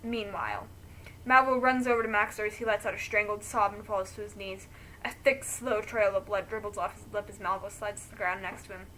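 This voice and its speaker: A woman's voice: mid-range voice, steady tone, a little fast, sharp tone, slight background noise. A woman reading a friend's story aloud, breaking off to react emotionally.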